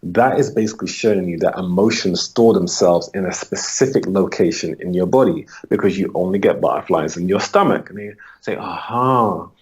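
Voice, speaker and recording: A man's voice: sits low, darkish tone, breathy edge. A man being interviewed as a holistic coach, patiently explaining his approach and acting out his talks with clients. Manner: acts out client dialogues, brisk and patient. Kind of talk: conversational explanation.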